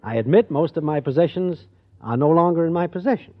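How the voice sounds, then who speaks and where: An actor playing a smooth-talking, broke young con man in a 1940s radio sitcom, glib and full of mock-grandeur. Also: on the high side, animated, a little fast, natural voice. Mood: grandiose. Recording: noisy lo-fi old radio broadcast with live studio audience. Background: loud studio audience laughter.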